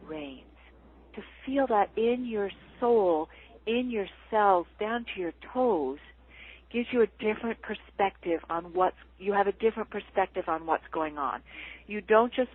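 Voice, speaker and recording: A woman's voice: medium pitch, no echo. A woman spiritual healer talking casually and animatedly, laughing often and acting out the voices she quotes. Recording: tinny phone line.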